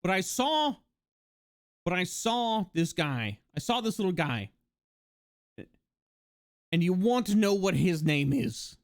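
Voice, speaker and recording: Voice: medium pitch, big pitch swings, takes it slowly, pauses often. A livestreamer in casual chat, rambling and joking with many fillers and laughs.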